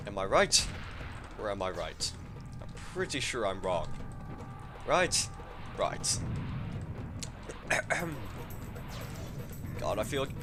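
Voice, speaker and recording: A young man giving playful commentary over a shooter game, swinging between excited outbursts and mock-calm asides. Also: medium pitch. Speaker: gaming commentator. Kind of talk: casual let's-play commentary. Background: game music.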